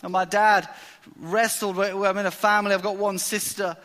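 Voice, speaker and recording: A man preaching a sermon, telling the story in a lively way and acting out the characters' lines. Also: high voice, moderate pace. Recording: long hall reverb.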